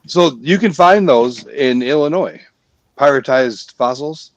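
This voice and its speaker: A man's voice: medium pitch, a little slow, dry recording. A man chatting casually as a guest on a live panel, joking and teasing the others. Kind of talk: casual chat. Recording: dry, dull lo-fi sound.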